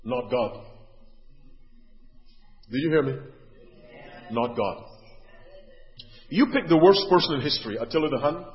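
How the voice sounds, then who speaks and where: A man's voice: mid-range voice, expressive, measured pace, long pauses. Preaching man in a reverberant hall. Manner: swings from quiet asides to loud rising preaching. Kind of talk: sermon. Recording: dull audio with long hall reverb.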